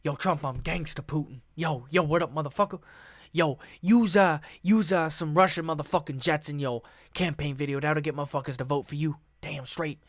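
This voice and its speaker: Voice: medium pitch, moderate pace, no room sound, pitched below the performer's own voice, natural voice. A podcaster putting on a brash, slangy gangster version of a Russian president, full of profanity. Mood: boastful.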